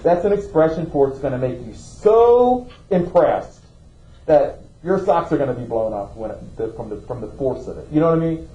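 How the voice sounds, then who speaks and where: Male teacher, questioning style, somewhat high voice, lo-fi classroom recording. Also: expressive, moderate pace, warm tone. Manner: questioning, checks in with "okay?". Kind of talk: classroom lecture.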